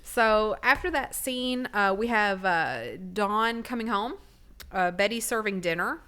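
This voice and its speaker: With a sharp, smooth, medium-pitched voice and lively intonation, this female podcast co-host recaps a TV episode at a measured pace. She chats casually and acts out what the characters said.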